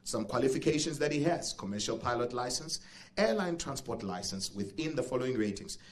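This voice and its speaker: Speaking briskly with lively intonation and medium pitch, a South African-accented emcee jokes with the crowd at an event venue. He laughs a lot as he hosts.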